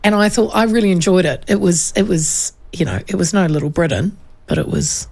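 A woman's voice: on the low side, a little fast, creaky, a little mellow, husky. A woman, co-hosting a radio show in casual chat, reading out listener texts and reminiscing with a laugh.

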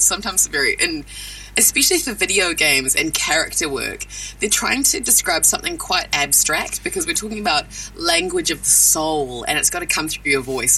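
A woman voice actor talking casually in an interview, chatty and animated with many fillers. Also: mid-range voice, gravelly, slightly rough, far from the mic, low-quality recording. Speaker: voice actor, guest.

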